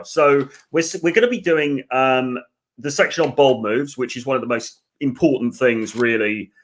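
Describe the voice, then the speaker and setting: A man hosting a live stream over a video call. He talks in a loose, rambling way and teases his co-host lightly. His voice sits at a middle pitch. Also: a bit bright. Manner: chatty, rambling, lightly teasing. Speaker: podcast host. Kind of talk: casual live-stream chat.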